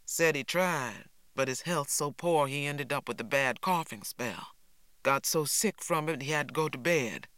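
A man reading an audiobook, voicing a steady rural father who speaks quietly and firmly. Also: on the high side, unhurried, clean tone, no echo. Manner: calm, quiet and firm.

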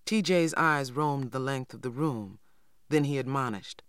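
Steady audiobook reader, first-person story, mid voice, super dry recording. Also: mid-range voice, measured pace, clear, resonant tone, no room sound. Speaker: audiobook narrator. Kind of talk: first-person novel narration.

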